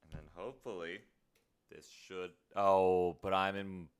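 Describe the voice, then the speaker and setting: While fiddling with settings on a live stream, a man mutters to himself and makes self-mocking jokes, stringing filler words together in long loops as he chats casually. His voice is low and level at a measured pace, with a little hiss or hum.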